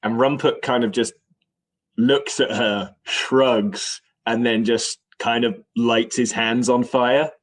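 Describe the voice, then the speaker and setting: Player guy in a tabletop game, mid pitch, dry jokey asides. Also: steady tone, slow pace.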